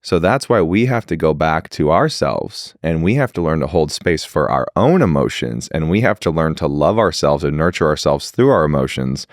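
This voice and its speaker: A man speaking as a podcast guest in casual conversation, animated and blunt, swearing freely and acting out quoted dialogue. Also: a bass voice, normal speed, few pauses, no room sound, clean studio sound. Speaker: podcast guest, leadership mentor.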